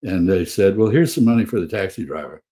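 A man who is a former ambassador, speaking in a measured, hesitant way and telling stories during a discussion. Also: sits low, lively intonation, dark tone, husky. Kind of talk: casual discussion.

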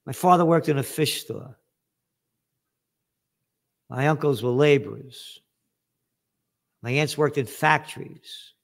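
A man's voice: a little high, takes it slowly, vocal fry, long pauses. Blunt older New man. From United States. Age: 70s. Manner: blunt, emphatic, streetwise. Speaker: guest, author. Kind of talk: animated interview talk.

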